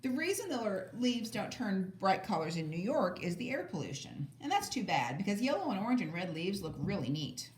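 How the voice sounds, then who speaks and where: A woman reading a children's book aloud, lively and expressive with small stumbles. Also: mid-range voice, normal speed, few pauses, echoey room. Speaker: audiobook reader. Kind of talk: storybook read-aloud.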